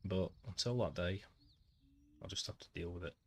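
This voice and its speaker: Northern English male streamer, somewhat low voice, relaxed chatty game commentary. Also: normal speed, breathy edge. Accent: Northern English, Manchester. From Manchester, England. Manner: chatty, talks to chat, says "mate" often. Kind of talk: casual gameplay livestream chat.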